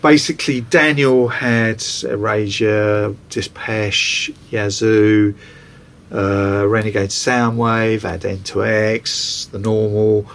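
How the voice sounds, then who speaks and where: A man's voice: fairly low pitch, flat delivery, slow pace, creaky. A man, a record producer, casually telling anecdotes in an interview and acting out other people's voices.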